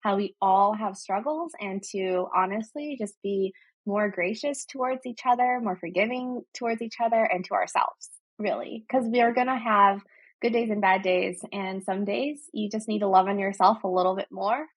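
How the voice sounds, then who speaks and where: A woman's voice: mid-range voice, moderate pace. A woman hosting a podcast interview, speaking in an encouraging, conversational way. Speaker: podcast host.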